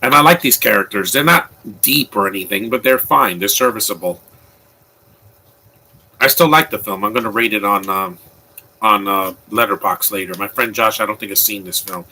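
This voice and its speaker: A man's voice: fairly low pitch, normal speed, bright, forceful tone, poor audio. A man giving casual, opinionated live commentary on a movie, rambling with frequent restarts. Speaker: film commentator.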